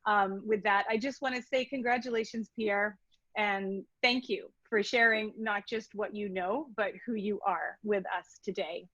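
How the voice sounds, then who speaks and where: A woman's voice: mid-range voice, steady tone, measured pace, a bit bright, dry recording, dull audio. A woman introducing a speaker at an event, laughing often between phrases. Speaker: event host introducing the author. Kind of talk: prepared introduction speech.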